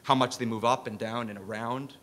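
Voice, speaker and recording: A man's voice: steady tone, fairly quick, fairly bright tone. A man speaking on a conference panel, making his points with emphatic rhetorical questions. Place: conference session room. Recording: faint background rumble.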